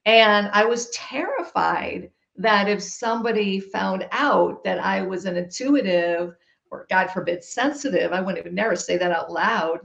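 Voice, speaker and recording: A woman guest telling a personal story in a podcast conversation, emphatic and lively. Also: medium pitch, gravelly. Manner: animated, emphatic storytelling with laughs. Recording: roomy, dull-sounding recording.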